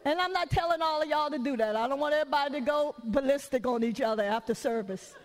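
A woman preacher giving a lively, conversational sermon in church. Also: high-pitched, fast, big-room sound, a faint crowd, poor audio. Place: church during a service.

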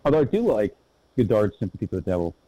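Fast-talking lively man, dry sound. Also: lowish voice, no echo, low-quality recording. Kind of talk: casual chat.

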